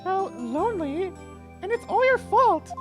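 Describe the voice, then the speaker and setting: Squeaky valley-girl teen sister. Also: very animated, measured pace, a bit bright, soft background music, full character voice. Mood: teasing. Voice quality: valley-girl drawl, full of "like". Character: bubbly teenage girl, playful younger sister.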